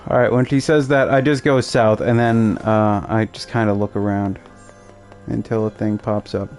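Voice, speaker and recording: A man's voice: lowish voice, level tone, moderate pace, a little mellow. A young man chatting casually while playing a video game, rambling through stories and imitating the people in them. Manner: rambling storyteller, mimics others. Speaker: gaming streamer. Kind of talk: casual let's-play chat. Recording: commentary over faint game music.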